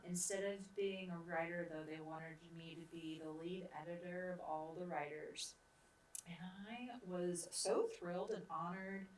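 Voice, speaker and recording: Her voice is lowish and slightly noisy in the background, captured from a distance in an echoey space, somewhat off-mic. As host interviewing herself on her own show, she tells stories casually and laughs a lot.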